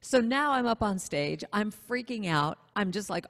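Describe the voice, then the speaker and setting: A woman singer-songwriter telling a self-deprecating story in a casual online interview, in an animated way. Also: mid-range voice, measured pace, in a large hall.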